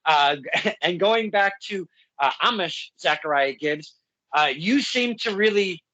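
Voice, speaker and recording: A man's voice: high voice, animated, unhurried, bright, forceful tone, no echo, lo-fi sound. A man hosting a casual interview, rambling and chatty with lots of fillers and self-corrections. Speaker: podcast host.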